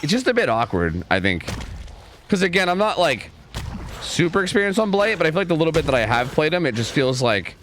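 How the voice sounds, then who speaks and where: With clear background noise under his voice, a young man gives casual live commentary while streaming a game. His voice is on the high side, sing-song, brisk and fairly bright. He chats and rambles with plenty of filler words and swears when he gets frustrated.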